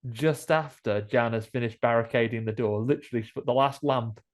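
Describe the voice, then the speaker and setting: A man's voice: medium pitch, a little fast. A man, co-hosting a podcast and chatting jokily through a horror film recap. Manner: chatty, jokey, acts out quoted lines. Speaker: podcast co-host. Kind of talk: casual film recap chat.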